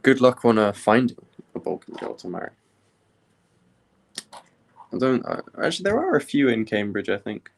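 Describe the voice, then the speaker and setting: A young man from the UK chatting casually on a study live stream, rambling with many pauses and fillers. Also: medium pitch, vocal fry, slight background noise. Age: young adult. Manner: relaxed, rambling, many ums.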